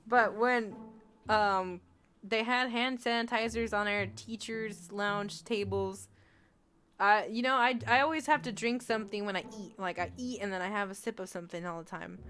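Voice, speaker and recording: A woman's voice: medium pitch, a bit bright. A young woman in her twenties chatting casually while streaming a game, giggly and rambling with many fillers. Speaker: streamer playing a game and reading chat. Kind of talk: casual let's-play chat. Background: faint game music.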